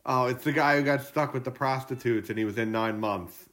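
A man's voice: mid-range voice, brisk, fairly bright tone. A man in casual conversation about a movie, talking in an opinionated, emphatic way.

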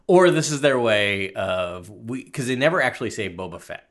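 A man's voice: mid-range voice, animated, a little slow. A man co-hosting a podcast, chatting casually and trading jokey speculation with friends. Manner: speculative, jokey, trailing restarts. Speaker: podcast co-host. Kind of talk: casual chat.

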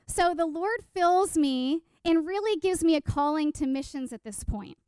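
A woman giving an animated personal testimony sermon, telling stories with quoted asides and questions to the audience. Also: sits high, moderate pace, dry recording, clean studio sound. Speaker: speaker at a church gathering.

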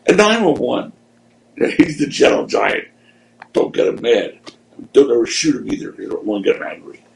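Seorang pria, tamu podcast, bercerita dengan santai dan hidup, sering memakai kata kasar dan menirukan suara orang dalam ceritanya. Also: male voice, medium pitch, normal speed, creaky, roomy sound, slight background noise, low-quality recording. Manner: animated, profane, acts out voices in his stories. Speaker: podcast guest, former wrestling promoter. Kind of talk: casual storytelling.

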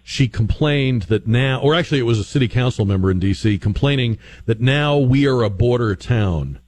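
Radio talk host asking long questions. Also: male voice, medium pitch, animated, darkish tone, no room sound. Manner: measured, builds long framed questions. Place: radio studio.

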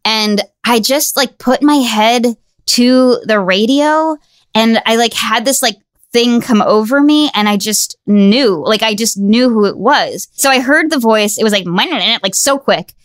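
Woman in her 40s, raised pitch, chatty storyteller who laughs a lot, dry close mic. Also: a little slow, no echo. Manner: chatty, laughs often, lots of "like". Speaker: guest telling a story. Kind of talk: casual storytelling.

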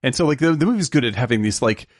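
A man's voice: mid-range voice, expressive, dry recording, clean studio sound. A man casually talking films on a call, agreeing often and groping for names. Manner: quick agreeing, searches for names. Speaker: podcast co-host. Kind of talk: casual film discussion.

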